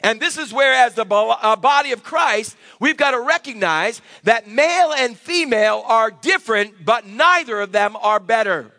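A man's voice: very high-pitched, expressive, moderate pace, hardly any pauses, bright, forceful tone, no room sound, clean studio sound. A male pastor preaching a sermon, using emphatic delivery and calling for amens from the congregation. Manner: emphatic preaching with call-and-response. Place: church sanctuary.

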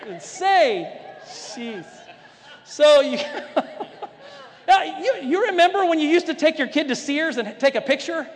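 A man's voice: extremely high pitch, takes it slowly, pauses often. A man preaching a sermon, telling stories and acting out the voices of the people in them. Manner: animated storyteller acting out voices. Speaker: pastor. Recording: long hall reverb.

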